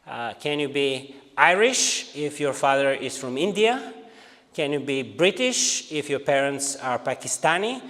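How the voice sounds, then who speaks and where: A man's voice: medium pitch, lively intonation, a little slow, fairly bright tone, big-room sound. A man from Bulgaria with a Bulgarian accent, giving an academic lecture in a hesitant way, with frequent filler sounds.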